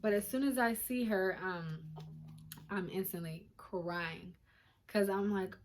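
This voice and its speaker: A woman's voice: mid-range voice, takes it slowly, a little hiss or hum. A young woman casually telling her birth story to viewers, chatty and emotional, recorded on a phone at home. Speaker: vlogger. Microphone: phone camera.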